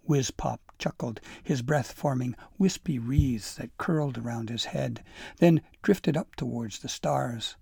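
A man narrating a storybook chapter in a gentle storytelling manner. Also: medium pitch, unhurried, gravelly, slightly rough, dry recording, clean studio sound.

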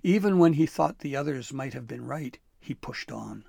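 A man narrating a storybook with an expressive, dramatic read-aloud manner. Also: mid-range voice, normal speed, vocal fry, husky, no room sound, studio quality.

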